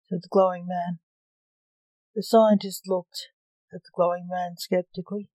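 A woman reading a short story aloud in a plain, unhurried storytelling manner. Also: mid-range voice, little pitch movement, warm tone, no room sound, low-quality recording. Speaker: narrator.

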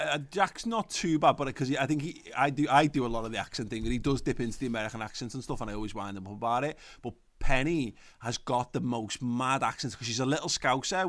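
A man's voice: mid-range voice, a bit bright. A man in his thirties co-hosting a casual chat show, rambling and swearing, often restarting his sentences. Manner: rambling, sweary, self-interrupting. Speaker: podcast co-host.

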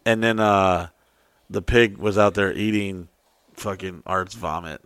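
Rowdy profane man, bright voice. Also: steady tone, measured pace, smooth, no echo. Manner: rowdy, profane, slips into loud high put-on voices. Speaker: podcast host. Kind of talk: crude comedic podcast banter.

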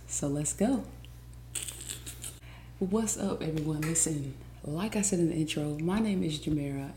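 A woman hosting a faith podcast, energetic and chatty, teaching from scripture with excited exclamations. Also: deep voice, a little hiss or hum. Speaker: podcast host. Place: home studio on camera.

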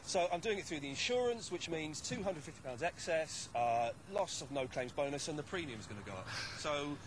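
A man's voice: a little high, expressive, a little fast, slight background noise. A young British man giving an aggrieved, insistent interview for a consumer news report, played from an archive TV clip.

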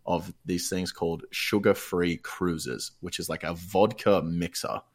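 A man's voice: sits low, steady tone, a little slow. A young Australian man telling a long story in a casual chat, rambling and swearing freely.

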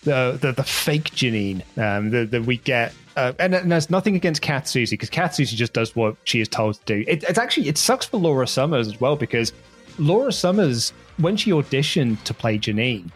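A man co-hosts a podcast in an enthusiastic, rambling way, restarting his sentences often. His voice sits at a middling pitch for a man. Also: sing-song, normal speed, husky, faint music behind. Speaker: podcast co-host. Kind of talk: casual chat.

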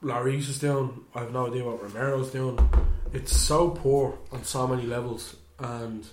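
Male co-host, lively football banter, mid-pitched, roomy echo. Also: moderate pace, a little hiss or hum. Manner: animated, mimics players with sudden high voices. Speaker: podcast co-host. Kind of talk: casual football chat. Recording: echoey room.

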